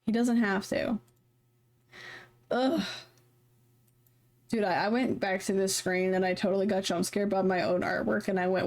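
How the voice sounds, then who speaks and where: A woman's voice: mid-range voice, moderate pace, gravelly, long pauses, a little mellow. A woman streamer in casual live-stream chat, rambling with lots of fillers and restarts, heated and passionate.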